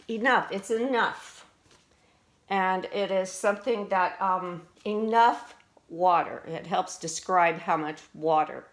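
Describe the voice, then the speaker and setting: A middle-aged woman teaching a spelling lesson to students. She speaks slowly and patiently at a medium pitch, defining each word and asking questions as she goes. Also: fairly bright tone. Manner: slow, patient, explains and asks questions.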